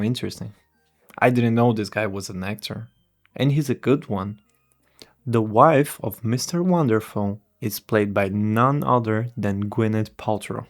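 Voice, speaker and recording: A man giving a rambling, irreverent movie review, swearing and restarting his sentences. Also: mid-range voice.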